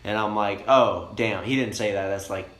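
A young man, a bit high, telling a long profane story in a rambling, laid-back way inside a camper van. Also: normal speed, a bit bright. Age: young adult. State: high on cannabis. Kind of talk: casual storytelling chat. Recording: roomy with faint noise.

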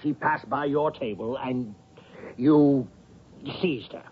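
An actor playing a middle-aged university president who stammers and pressures a professor, in a 1970s radio drama. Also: male voice, medium pitch, slow pace, husky. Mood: pressuring. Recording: dull vintage radio recording.

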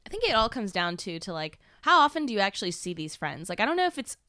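An animated young woman rambles through a casual chat, talking expressively. Her voice is bright and crisp. It is recorded close and dry. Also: medium pitch, fast, dry recording.

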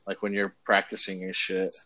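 A man's voice: sits low, monotone, normal speed, pushed and bright. Laid-back podcast guy, faint noise. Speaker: podcast co-host. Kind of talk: casual chat.

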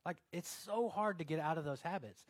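A man's voice: fairly high pitch, brisk, no room sound. A young man preaching a casual, joking sermon, acting out little scenes as he goes. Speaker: pastor.

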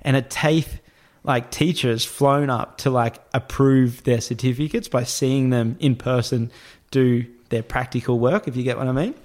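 A man's voice: mid-range voice, steady tone, moderate pace, a little mellow. A man with an Australian accent telling a long personal story in casual chat, swearing freely and acting out what other people said.

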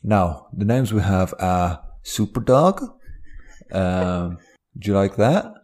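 A man's voice: low-pitched, slow pace, a little mellow. A man playing a kindly, chatty barber with a fatherly manner in an improvised comedy scene. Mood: encouraging. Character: kindly encouraging male barber, middle-aged.

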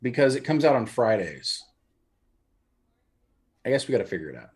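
Husky-voiced podcast man telling stories. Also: medium pitch, big pitch swings, normal speed. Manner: easygoing storyteller. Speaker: podcast co-host. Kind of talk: casual podcast banter.

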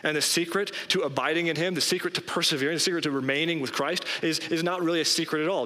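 A man preaching a sermon as pastor, emphatic and rising in pitch on key phrases. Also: pushed and bright. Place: church sanctuary. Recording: long hall reverb.

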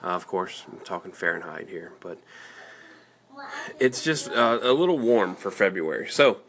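A man's voice: low-pitched, animated, normal speed, fairly bright tone. A man hosting a casual radio talk show, rambling with restarts and joking asides, from the US South.

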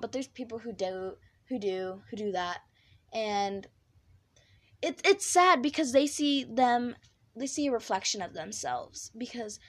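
A young woman hosting a podcast, talking candidly in a rambling monologue with a high-pitched, squeaky voice. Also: dry recording. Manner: candid, rambling with fillers and restarts. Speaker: podcast host.

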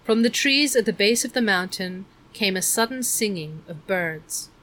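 Casting note: woman audiobook narrator, mid pitch, measured expressive reading.

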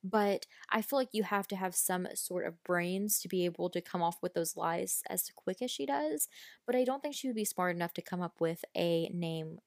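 A woman's voice: lowish voice, moderate pace, darkish tone, no echo, studio quality. A woman hosting a casual true-crime podcast, telling the story bluntly with swearing and indignant asides. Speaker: podcast host.

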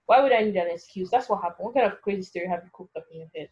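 Woman doing defensive young guy, indignant, dismissive, mid pitch, dull lo-fi sound. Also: racing, darkish tone, slightly rough, close to an everyday voice. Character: defensive young man accused of abuse.

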